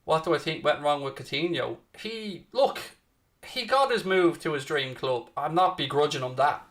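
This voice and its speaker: A man's voice: on the high side, expressive, normal speed, fairly bright tone. A man hosting a football watchalong, calling the play and casually answering viewers' chat messages. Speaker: watchalong host. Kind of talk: casual match commentary and chat.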